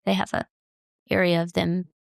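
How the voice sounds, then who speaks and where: A woman from Georgia with a Southern American accent, co-hosting a podcast in playful, casual chat with quick reactions. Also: lowish voice, little pitch movement, creaky, no room sound, studio quality. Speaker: podcast co-host.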